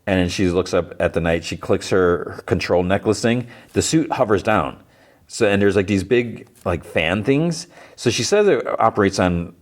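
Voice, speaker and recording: A man with a low, deep voice rambles through a TV episode recap, loose and full of fillers. He talks like a podcast host chatting with listeners. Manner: rambling, filler-heavy retelling of scenes.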